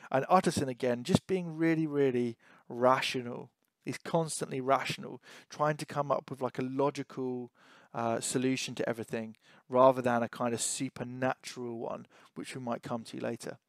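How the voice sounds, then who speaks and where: A man's voice: mid-range voice, steady tone, moderate pace, no room sound. A man reads passages of a novel and breaks off to annotate them for students. His commentary is loose and thinking-aloud, full of fillers and rhetorical questions. The recording is close and dry, with no room sound. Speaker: English teacher.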